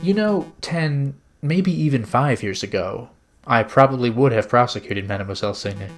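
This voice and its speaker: A man's voice: mid-range voice, animated, soft background music, close to an everyday voice. A man reading a grave prosecutor, Severin. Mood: measured. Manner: measured, serious. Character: grave male prosecutor, measured and reflective.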